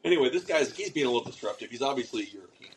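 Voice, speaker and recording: Gravelly rambling podcast storyteller man. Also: medium pitch, expressive, very fast, slight background noise, low-quality recording. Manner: rambling storyteller, swears casually, many restarts. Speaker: podcast co-host. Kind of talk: casual podcast chat.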